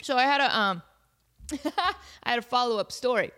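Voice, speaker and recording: A woman hosting a podcast, chatting casually as she tells a funny story. Her voice sits a little high, and she breaks into giggles between lines. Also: moderate pace. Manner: giggly, animated, laughs often mid-sentence. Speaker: podcast host.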